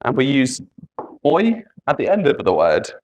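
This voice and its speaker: Slow, patient male English teacher. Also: mid-range voice, wildly swooping pitch, slight background noise. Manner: patient, repeats letters and examples. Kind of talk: slow spelling lesson.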